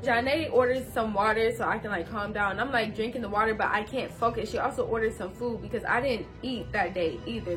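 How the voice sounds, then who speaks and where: Young woman spilling a story to her viewers, slangy, kinda high voice, faint music under it. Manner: slangy, addresses viewers directly. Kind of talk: casual storytime.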